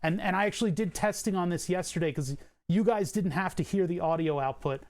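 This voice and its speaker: A man's voice: high-pitched, fairly quick. A young man streaming from home, chatting casually while he tinkers, rambling and correcting himself, laughing at his own asides, on a condenser mic run through a compressor. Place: home room with acoustic padding.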